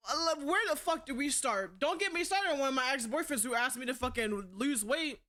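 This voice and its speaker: A young woman streaming live, talking to her chat in a loud, blunt, profane way and laughing often. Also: high-pitched, expressive, brisk, hardly any pauses.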